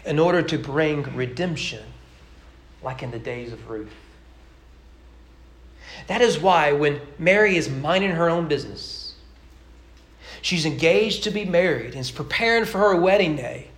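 A man pastor preaching a sermon with rhythmic, emphatic delivery and dramatic pauses. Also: fairly high pitch, fairly bright tone. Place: church sanctuary. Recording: roomy church sanctuary.

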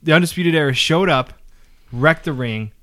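Bright-voiced man telling wrestling stories. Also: a little high, normal speed. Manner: steady storyteller, restarts often with "um". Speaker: podcast co-host. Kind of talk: casual wrestling recap chat.

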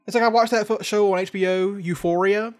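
A man's voice: high voice, steady tone, a little fast. A man co-hosting a podcast in casual chat, joking and swearing as he rambles. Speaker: podcast co-host.

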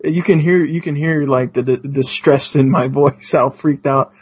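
A man guest on a podcast, telling a story in casual chat, excited, with many restarts. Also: medium pitch, normal speed, slightly rough. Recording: dull lo-fi sound.

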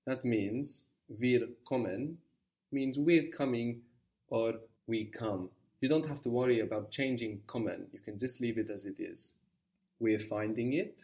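A man's voice: medium pitch, normal speed, a little mellow, far from the mic. A man teaching an audio language lesson, patiently prompting a student and repeating the answers.

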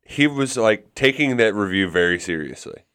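A man's voice: lowish voice, lively intonation, normal speed, fairly bright tone, smooth. A man co-hosting a sports podcast, making wry, teasing asides in casual chat.

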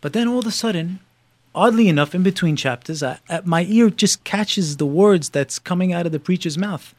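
A middle-aged man tells a story in an easy, casual way. He stumbles through fillers and restarts, then rises with animation at the exciting parts. His voice sits fairly high and sounds dry and close. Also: normal speed, dry recording. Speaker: guest telling a story.

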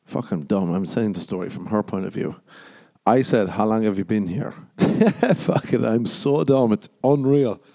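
A man's voice: on the low side, animated, moderate pace, gravelly, warm tone. A man with an Irish accent hosting a podcast and rambling in casual chat, self-deprecating and swearing a lot. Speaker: podcast host, stand-up comedian.

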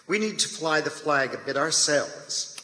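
A man's voice: a little high, expressive, unhurried, bright, forceful tone. A man reading the part of a tired, clipped army colonel in his forties in a staged play reading. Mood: weary. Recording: echoey reverberant hall.

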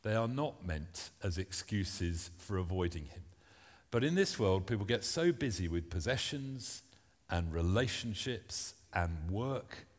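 A man's voice: on the low side, long reverb tail. A man preaching a sermon at a church service, earnest and plain-spoken, reading scripture aloud between his points.

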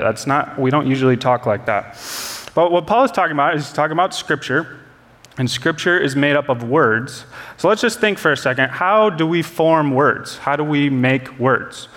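A man's voice: mid-range voice, a bit bright, big-room sound. A man preaching a sermon as pastor, earnest, repeating key phrases for emphasis.

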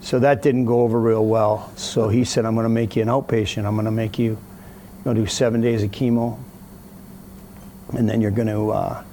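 A man with a gravelly, mellow voice tells a story in a casual interview, faint background noise behind him. He is animated and mimics the people he quotes. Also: fairly low pitch, fairly quick. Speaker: guest telling a story.

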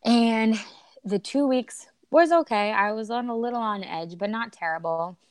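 A woman's voice: fairly high pitch, moderate pace, a little mellow, clean tone, dry recording. A woman in her thirties, a podcast guest, candidly and emotionally retelling a personal story with bursts of laughter.

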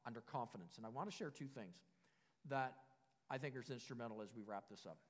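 A man preaching a sermon as pastor, in an emphatic style that repeats declarations and builds to loud passages. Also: medium pitch, quick pace. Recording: long reverb of a church hall.

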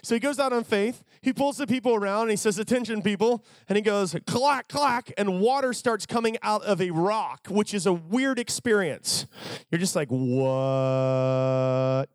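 A man preaching a sermon to a youth crowd, telling stories in an animated, joking way. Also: high-pitched, moderate pace, few pauses, dry recording.

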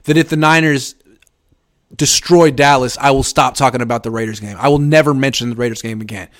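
A man hosting a casual live sports chat, reading viewer comments and giving sarcastic, animated takes. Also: fairly quick. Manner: animated, sarcastic, jumps up in pitch for emphasis.

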